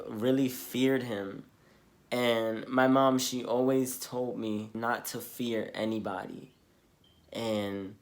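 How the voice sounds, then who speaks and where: A young man telling a personal story in a casual vlog, talking in a rambling, earnest way with many fillers. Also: medium pitch. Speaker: vlogger.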